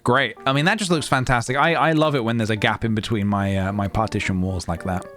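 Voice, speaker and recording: A man's voice: fairly low pitch, fast, fairly bright tone. A young man chatting playfully and rambling while live-streaming a game, breaking into sing-song noises. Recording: faint guitar music behind.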